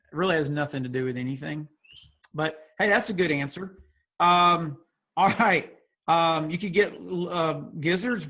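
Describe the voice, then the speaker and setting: A man's voice: fairly high pitch, pushed and bright. Playful man hosting a video call. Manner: playful, teasing, chatty asides. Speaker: youth group leader.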